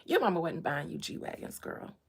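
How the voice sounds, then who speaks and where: A woman hosting a casual chat about astrology and gossip, animated, swinging from low murmurs to loud bursts. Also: normal speed, creaky, slightly rough. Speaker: host.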